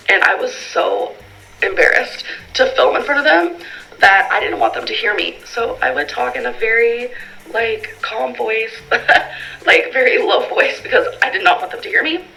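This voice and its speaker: A woman's voice: on the high side, measured pace, vocal fry, sharp tone, faint music behind, rough recording. A woman answering viewer questions in a casual vlog, rambling with lots of fillers and reading the questions aloud. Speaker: vlogger.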